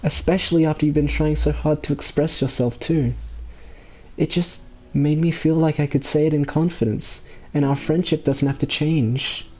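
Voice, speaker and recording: Guy reading soft earnest schoolgirl from a visual novel, a bit higher than his usual voice. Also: steady tone, normal speed, close to an everyday voice. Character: cheerful schoolgirl opening up, gentle and earnest.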